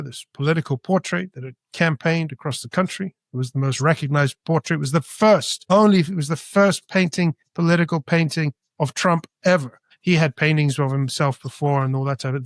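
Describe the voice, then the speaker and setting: Animated man raised in Spain. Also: on the high side, no room sound. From born in Britain, raised in Spain. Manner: animated, acts out dialogue. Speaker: guest artist. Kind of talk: storytelling interview.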